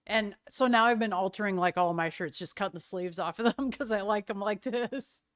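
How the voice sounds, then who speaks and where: A woman's voice: medium pitch, fairly quick, dry recording, clean studio sound. A middle-aged woman streaming live, chatting casually with viewers in a rambling way and often searching for words.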